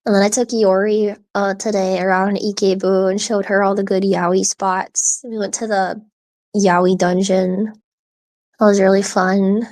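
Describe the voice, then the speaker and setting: In a dry recording, a woman with a mid-range, somewhat dark voice runs a live audio stream of casual conversation. Her talk wanders and giggles along, with frequent "like"s, restarts, and hiccups.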